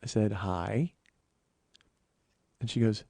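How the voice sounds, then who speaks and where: A man hosting a podcast, telling a personal story in a storytelling monologue, swearing often and getting louder and higher when worked up. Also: a little fast, gravelly. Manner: profane, excitable, voice rising when worked up. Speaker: podcast host.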